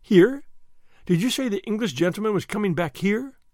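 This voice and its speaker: A man's voice: high-pitched, expressive, fast talker, a little mellow, dry recording, clean studio sound, voice pushed up. A man voicing an anxious, eager noblewoman pleading for answers.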